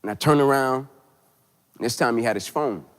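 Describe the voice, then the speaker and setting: A man, a motivational keynote speaker, tells a dramatic story, swinging from loud emphatic peaks to hushed low tones. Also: normal speed, in a large hall.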